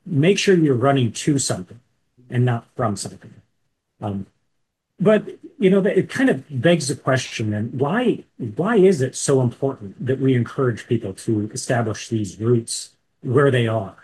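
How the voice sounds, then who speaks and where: A man hosting a discussion panel, putting questions to his guests in a relaxed, conversational way. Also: mid-range voice, normal speed, poor audio. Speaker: host and moderator. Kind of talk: casual discussion.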